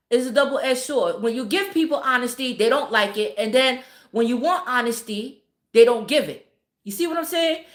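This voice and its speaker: A woman's voice: on the high side, fairly bright tone. A woman hosting a casual live stream, talking bluntly and cursing often while greeting viewers by name. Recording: echoey room.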